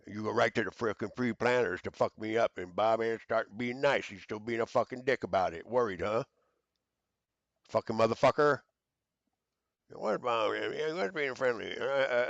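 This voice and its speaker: A man's voice: on the low side, no room sound, muffled recording. A man in an angry, profane rant to camera, stammering through fillers and hurling accusations. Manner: shouting accusations, stammering fillers, heavy cursing.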